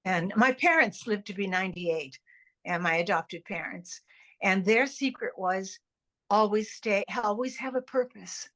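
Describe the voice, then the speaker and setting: A woman's voice: medium pitch, unhurried. Older woman, actress, interview guest, chatty and rambling, stumbles and restarts, mid-range voice. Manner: rambling and animated, with many restarts and repeated words. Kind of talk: casual interview chat.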